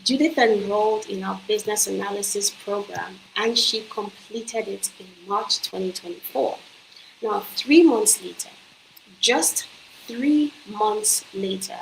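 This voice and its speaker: An earnest woman at a mid pitch delivers a motivational talk to the listener, coaching them on careers. Her voice rings in a reverberant room. A faint hum of ambience sits behind her. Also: creaky. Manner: earnest, persuasive direct address. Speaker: company executive and career coach.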